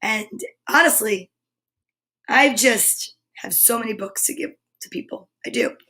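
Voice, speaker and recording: A woman, a comedian, reading a picture book aloud in an expressive, dramatic way, with hushed passages. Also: on the high side, unhurried. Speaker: comedian and storyteller.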